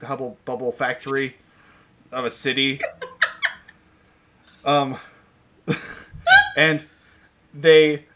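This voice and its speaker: A man's voice: mid-range voice, bright, forceful tone. A man hosting a casual podcast, ranting in an exasperated, sarcastic way. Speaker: podcast host reviewing movies. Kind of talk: casual chat.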